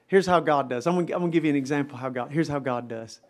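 A man's voice: a little high, racing. A middle-aged man, a pastor, preaching a live chapel sermon in an emphatic, dramatic style that builds in intensity. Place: chapel service.

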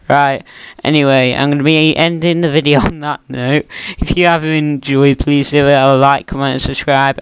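A man's voice: mid-range voice, clean tone, dry recording. A young man talking to himself in a chatty, teasing way while commentating his own gameplay on a close mic. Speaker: gaming YouTuber.

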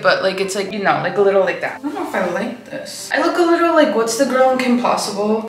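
A woman's voice: on the high side, fairly bright tone. A woman in her twenties chatting to the camera in a casual home vlog, bubbly and self-mocking, with lots of "like". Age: 20s. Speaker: vlogger. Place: at home, indoors. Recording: roomy sound with music behind. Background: background music.

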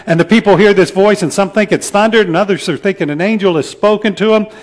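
Midwestern male pastor, slightly higher voice, earnest sermon delivery with emphatic swells and soft endings. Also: fast talker. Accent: Midwestern American.

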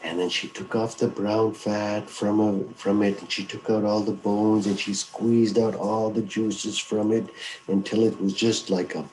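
A man's voice: fairly low pitch, little pitch movement, unhurried, a little mellow, slight background noise, poor audio. A man telling a traditional folk tale in a loose, repetitive, conversational style. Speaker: storyteller. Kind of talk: oral traditional storytelling.

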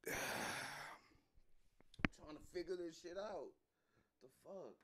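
A young man on a live stream, freestyle rapping and fussing over his audio, cursing and swinging between loud outbursts and low mutters. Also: slow, very noisy. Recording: faint music behind voice. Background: beat music playing.

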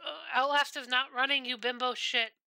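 Bright, crisp-voiced woman game streamer. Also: high voice, fairly even intonation, normal speed, no room sound. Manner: rambling, profane storytelling. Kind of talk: casual streaming chat.

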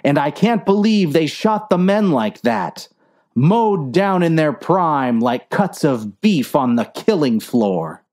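A woman voicing an earnest, nervous male sailor sidekick in a low, plodding voice. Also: very animated, takes it slowly, mellow, heavily acted. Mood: worried.

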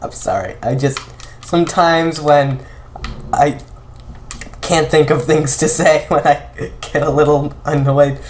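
A man doing casual gameplay commentary, rambling with self-mocking asides and sudden shouted outbursts. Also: a little high, a little slow, slight background noise. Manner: excitable, jumps from mutters to shouted outbursts. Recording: game music playing underneath. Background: game music.

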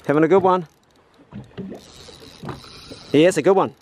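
A man giving excited, encouraging commentary while fishing from a boat, whooping at each catch. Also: on the high side, a little slow, slight background noise. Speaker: fishing channel host. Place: outdoors on a small fishing boat.

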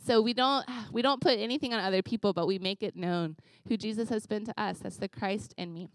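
A woman pastor telling casual, animated stories in a conversational sermon. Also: medium pitch, brisk, dry recording. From Louisiana.

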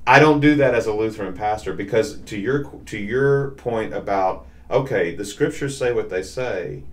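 Deep-voiced Southern pastor telling stories. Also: male voice, normal speed. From Southern US, Nashville. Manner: animated storyteller with a Southern drawl. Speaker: pastor, co-host. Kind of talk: casual chat, storytelling.

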